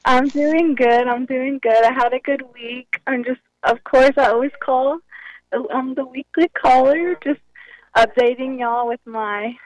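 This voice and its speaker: A woman's voice: high voice, fairly even intonation, measured pace, no echo, low-quality recording. A woman from Texas calling in to a radio show, chatting in a friendly way about her week. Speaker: caller. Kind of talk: phone-in chat.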